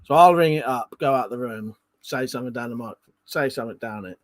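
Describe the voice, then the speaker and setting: A man's voice: mid-range voice, a little fast, dry recording. A man hosting a casual live stream, chatting loosely and reading out viewer comments. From Britain. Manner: chatty, swears freely, reads out viewer comments. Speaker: livestream host.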